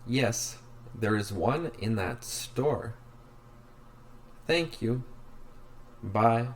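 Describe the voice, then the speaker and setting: Male reader, beginner English lessons: slow, deliberate, plays both speakers. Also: medium pitch, lively intonation. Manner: reads both sides of each dialogue, very slow and evenly spaced. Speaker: English teacher reading practice dialogues. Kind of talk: slow scripted reading of beginner dialogues.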